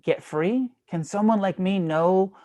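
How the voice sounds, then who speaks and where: A man's voice: high-pitched, a little slow, mellow, pitched above the performer's own voice. A man voicing a remorseful pleading bandit. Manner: pleading, earnest. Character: remorseful former bandit pleading for redemption, male.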